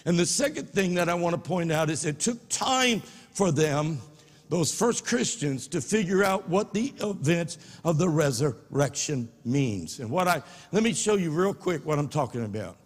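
A high-voiced man delivers an impassioned sermon. His tone is husky and slightly breathy, and it swings from quiet asides to ringing shouts. Long reverb from a large church sanctuary trails each phrase. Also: animated, normal speed. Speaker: preacher.

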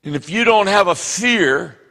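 A man preaching a sermon as pastor, animated and acting out the voices he quotes. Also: high-pitched, measured pace, vocal fry, in a large hall. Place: church sanctuary.

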